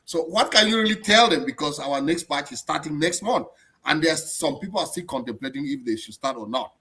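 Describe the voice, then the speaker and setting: Guy hosting a live stream, bright voice, bouncy pitch, keeps restarting his sentences. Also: a little fast. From abroad, not German-born. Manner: animated, repeats words and restarts often. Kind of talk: casual live-stream chat.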